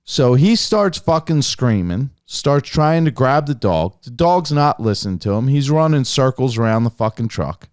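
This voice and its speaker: Young man, podcast guest, swearing a lot, lively storytelling, smooth voice, dry close mic. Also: mid-range voice, moderate pace, few pauses, no echo. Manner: profane, animated anecdote-telling. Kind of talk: casual storytelling.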